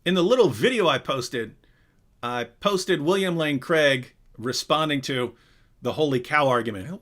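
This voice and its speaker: Casting: man hosting a live Q&A, mid-pitched, conversational, rambling asides and restarts. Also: normal speed. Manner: animated, rambling, self-interrupting. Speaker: live Q&A host. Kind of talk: casual livestream chat.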